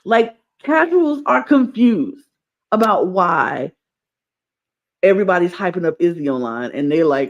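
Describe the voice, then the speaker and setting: A reality TV podcast co-host with a high-pitched voice speaks a little slowly, and the recording has its highs cut off. He rants animatedly and emphatically, repeating himself throughout the casual chat.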